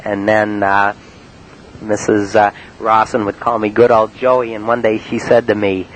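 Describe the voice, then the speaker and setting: A man from Cleveland telling about his prank calls in a halting, rambling monologue full of uh and um. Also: lowish voice, flat delivery, low-quality recording. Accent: Cleveland, Ohio. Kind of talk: rambling spoken-word monologue. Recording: faint hiss on an old cassette tape.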